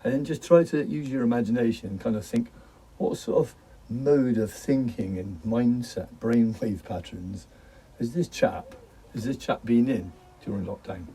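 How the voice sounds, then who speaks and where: A man's voice: medium pitch, normal speed, dark tone, breathy edge, recorded from a distance, low-quality recording. A middle-aged man vlogging from his garden, rambling in a jokey way and laughing often. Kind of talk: rambling casual monologue.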